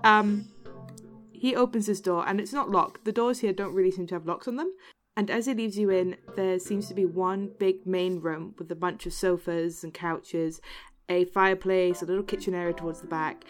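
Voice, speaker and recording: A woman narrating a tabletop role-playing game as game master, relaxed and chatty. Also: lowish voice, moderate pace, soft background music.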